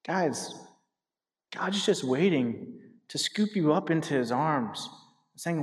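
Lively high-voiced pastor in a hall. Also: male voice, slow, husky. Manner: animated storytelling, speaks to the congregation directly. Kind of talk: sermon. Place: church sanctuary. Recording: hall reverb.

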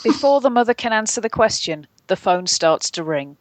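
A woman reads stage directions from a bad script in an even, deadpan way. The sound is dry and close, with little room around her. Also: medium pitch, normal speed, few pauses, dry recording, low-quality recording. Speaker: reader in a group reading game. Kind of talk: dramatic reading of a bad script.

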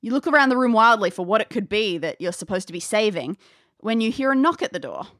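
A woman's voice: mid-range voice, big pitch swings, quick pace, a bit bright, no echo, studio quality. A woman narrating an audio adventure game as game master, describing scenes playfully with chatty asides.

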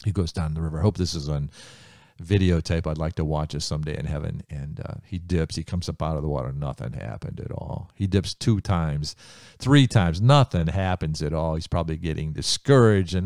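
Preacher, man, deep gravelly voice, animated storyteller, dry sound. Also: a little fast, no echo. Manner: animated, dramatic retelling. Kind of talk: sermon storytelling.

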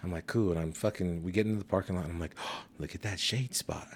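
A man's voice: low voice, steady tone, quick pace, husky. A young man on a podcast, casually telling a long profane story with laughing fits. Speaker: podcast host. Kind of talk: casual chat.

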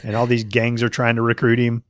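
A man's voice: medium pitch, completely flat delivery, fairly quick, dry recording, clean studio sound. A man co-hosting a podcast in casual chat, eagerly retelling movie scenes. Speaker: podcast co-host.

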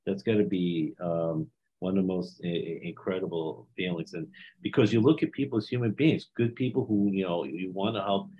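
Deep, husky-voiced male podcast host. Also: highs cut off. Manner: halting, repeats words and restarts. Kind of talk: casual interview chat.

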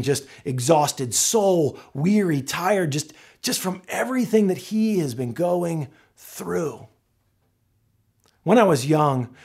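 A man preaching a sermon, reading scripture aloud and then talking it through in an expressive, conversational way, often restarting his phrases. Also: fairly high pitch, husky. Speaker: pastor.

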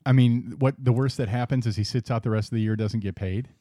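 A man co-hosting a casual sports talk show, laid-back and quick to agree. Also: medium pitch, fairly even intonation, warm tone, dry recording, clean studio sound.

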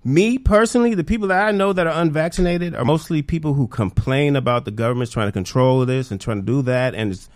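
A man's voice: a little high, fast, hardly any pauses, dry recording. A man co-hosting a radio talk show, earnestly venting his views. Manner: earnest, talks in a building rant. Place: radio studio.

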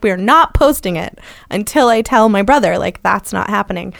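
Woman, 30s, podcast co-host. Animated storyteller with big pitch jumps, dry close-mic sound. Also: quick pace, vocal fry, dry recording. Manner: animated, acts out quoted lines with jumps in pitch. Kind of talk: casual storytelling chat.

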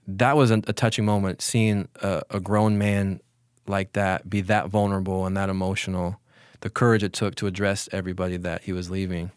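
A man in his forties, a former college football player, telling stories in a relaxed, reflective way during an interview, with many restarts. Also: low voice, dry recording, studio quality. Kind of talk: casual storytelling in an interview.

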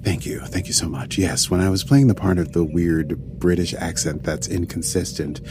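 A man's voice: low voice, moderate pace, music in the background. A man co-hosting a casual podcast and recapping an episode, joking around and slipping in and out of playful put-on voices. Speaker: podcast co-host.

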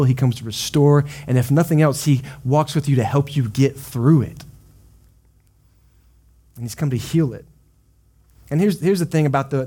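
A man's voice: on the high side, warm tone. A man preaching a sermon as pastor, building passionate repetitive runs and dropping in casual exclamations. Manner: impassioned, repetitive preaching cadence.

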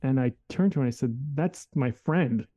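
Candid man with a very dark voice. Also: mid-range voice, normal speed, highs cut off. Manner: reflective, candid, full of fillers and restarts. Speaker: guest telling a personal story. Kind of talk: casual conversational storytelling.

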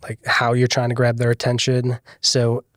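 A man, a guest video producer, explaining things in a relaxed podcast chat with frequent filler words. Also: medium pitch, normal speed, no room sound, studio quality. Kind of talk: casual podcast interview.

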